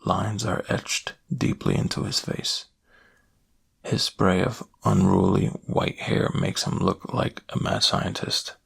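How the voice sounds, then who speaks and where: A man giving a slow, hushed first-person reading of a creepy story in soft-spoken ASMR narration, close to the mic. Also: sits low, steady tone, gravelly, slightly rough.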